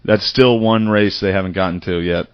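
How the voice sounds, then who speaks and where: A man's voice: deep voice, steady tone, moderate pace, a little hiss or hum. A man co-hosting a podcast, ribbing his partner with crude, provocative jokes and frequent swearing. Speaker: podcast co-host. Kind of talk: casual comedic banter. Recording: dry, dull lo-fi recording.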